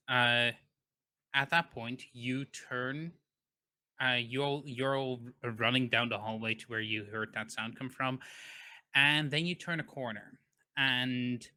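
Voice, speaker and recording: A man runs a tabletop game as its game master, describing the scene at a slow, deliberate pace. His voice is bright and forward. He often stops for ums and restarts his sentences. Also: mid-range voice, clean tone. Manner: unhurried, with frequent fillers and self-corrections.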